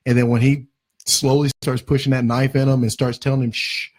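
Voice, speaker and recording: A man's voice: mid-range voice, flat delivery, a little fast, a little mellow. A man co-hosting a podcast, chatting casually and enthusiastically in fragments. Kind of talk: casual chat.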